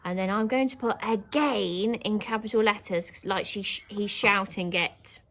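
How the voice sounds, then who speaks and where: A woman with an English accent teaching young children, speaking slowly and clearly and acting out characters' lines in big high voices. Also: a bit bright. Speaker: primary school teacher.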